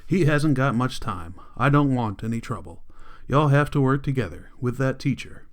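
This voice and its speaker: A man voicing a gruff small-town sheriff who gives firm, clipped warnings in an audiobook reading. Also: medium pitch, expressive, normal speed, lightly acted. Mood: stern. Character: gruff white male small-town sheriff, blunt and commanding.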